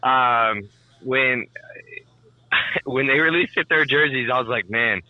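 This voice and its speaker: A man co-hosting a casual podcast chat, telling stories in a profane, animated way. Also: medium pitch, slow pace, dry recording, highs cut off. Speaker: podcast co-host.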